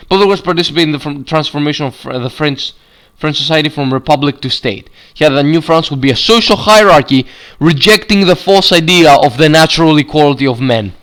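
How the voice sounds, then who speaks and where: A man with a somewhat high voice argues hotly in a video commentary. He swears freely and reads passages aloud, often stumbling and restarting his words. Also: a bit bright. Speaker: YouTube commentator. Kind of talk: heated political rant video.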